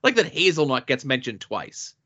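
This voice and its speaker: A man co-hosting a casual podcast, reading listener notes and product listings in a dry, deadpan way. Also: medium pitch, fairly quick, slightly rough. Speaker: podcast co-host. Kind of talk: casual podcast chat with sponsor reads. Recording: dull lo-fi audio.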